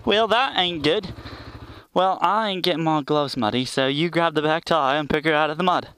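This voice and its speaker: A man's voice: fairly high pitch, normal speed, smooth, no room sound. A man putting on a playful, exaggerated English accent while riding a dirt bike. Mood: teasing. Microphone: helmet mic. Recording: loud motorcycle engine noise outdoors.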